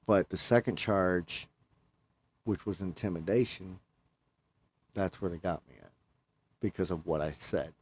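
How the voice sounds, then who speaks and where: Unhurried and pausing often, a man with a deep, slightly mellow, husky voice chats casually. His long personal story rambles, circles back on itself, and is full of quotes of his own words.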